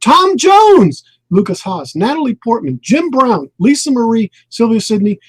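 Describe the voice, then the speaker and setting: Eager man with a high, husky voice. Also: dry recording. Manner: eager, lists names quickly with rising excitement. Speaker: podcast co-host. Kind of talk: casual nostalgic chat.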